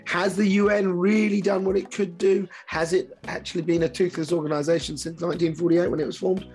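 A man's voice: high voice, flat delivery, brisk, darkish tone, soft background music. A man hosting a conversational interview, asking long, winding questions in a chatty manner.

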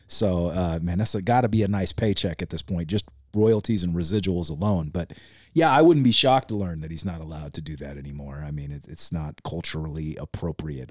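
A man's voice: lowish voice, no room sound, studio quality. Laid-back rambling male podcast host. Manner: laid-back, rambling, says man and dude a lot. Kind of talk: casual podcast chat.

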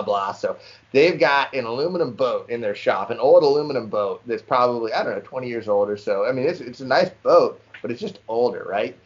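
A young man casually telling a lively fishing story to friends on a podcast and calling them "dude" a lot. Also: mid-range voice. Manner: animated storyteller, says "dude" often. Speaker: podcast co-host. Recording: slightly dull lo-fi sound.

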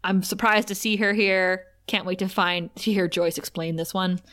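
A woman co-hosting a casual show recap, lively and quick to laugh, acting out scenes as she retells them. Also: on the low side. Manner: animated, laughs often, acts out scenes. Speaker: podcast co-host.

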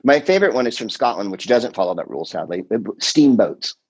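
A husky middle-aged man with a fairly low voice, chatting casually on a podcast. He rambles through stories, slips into quoted voices and swears freely. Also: very animated, fast talker, no room sound, poor audio. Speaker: comedian and podcast host. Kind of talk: casual chat.

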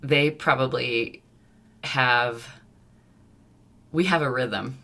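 A woman co-hosting a podcast in casual chat, with a slight lisp, who rushes and trips over her words. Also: extremely low pitch, sharp tone. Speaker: podcast co-host.

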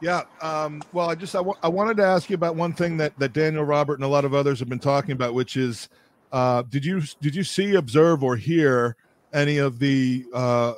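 A man's voice: a little high, steady tone, brisk. A man hosting a casual podcast chat, talking in a friendly, hesitant way with many fillers. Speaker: podcast host.

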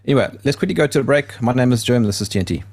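A man's voice: mid-range voice, lively intonation, rapid-fire, darkish tone. Rambling male talk radio host. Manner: rambling, with frequent restarts and repeated words. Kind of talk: casual talk radio monologue.

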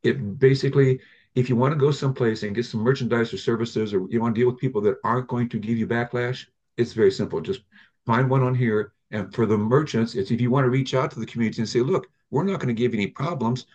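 A man's voice: mid-range voice, fast talker, darkish tone, lo-fi sound. An older man, a guest in an interview, telling long rambling stories about the app he built, with frequent restarts. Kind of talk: conversational interview storytelling.

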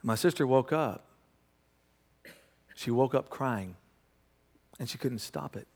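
A man's voice: mid-range voice, slow. Man preaching in a reverberant hall. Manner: animated, builds to loud emphatic preaching. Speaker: pastor. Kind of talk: sermon with storytelling.

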